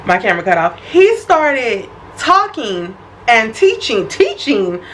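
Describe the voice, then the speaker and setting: A young woman vlogger telling a personal story in an animated, expressive, casual way. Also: on the high side, slow pace, a little hiss or hum, low-quality recording. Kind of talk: storytime vlog.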